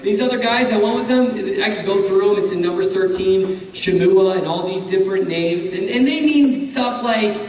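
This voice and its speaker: A man preaching a guest sermon with passion, repeating phrases for emphasis and building up to shouts. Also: high voice, normal speed, few pauses. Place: church sanctuary. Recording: echoey church hall from far off.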